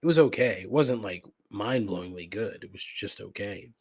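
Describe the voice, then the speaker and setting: A man's voice: lowish voice, expressive, moderate pace. A man hosting a podcast, telling stories in a casual, profane, sardonic rant. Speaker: podcast host.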